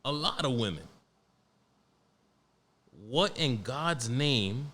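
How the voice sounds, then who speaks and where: Profane, blunt young podcast host. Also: male voice, mid-range voice, animated, extremely slow, pushed and bright. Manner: profane, blunt and joking, reading news aloud. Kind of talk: casual solo podcast monologue.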